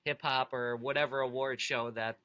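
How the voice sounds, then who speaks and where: A man co-hosting a radio talk show, casual, loose and energetic. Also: medium pitch, normal speed, dry recording. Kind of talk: casual chat.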